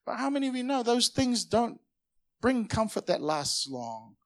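A male pastor preaching a lively sermon, calling on the congregation to shout back responses. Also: very high-pitched, moderate pace. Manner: energetic, audience call-and-response.

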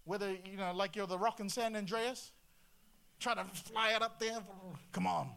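A male pastor preaching a sermon in an animated way, full of rhetorical questions and swings between loud and quiet. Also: high voice, normal speed, creaky, clear, resonant tone.

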